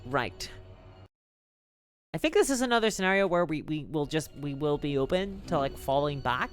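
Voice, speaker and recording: A man's voice: on the high side, normal speed, smooth, faint music behind. A man streaming a strategy game live, chatting in a rambling, casual way while he plays and reads the chat. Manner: lively, rambling, talks while playing. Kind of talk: live gameplay commentary.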